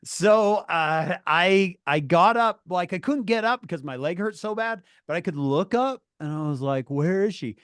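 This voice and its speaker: A man telling a story to his viewers, animated and laughing through his words, calling on chat by name. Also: high voice, moderate pace, hardly any pauses, clear, resonant tone, dry recording, clean studio sound. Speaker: streamer talking to viewers. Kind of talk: casual storytelling.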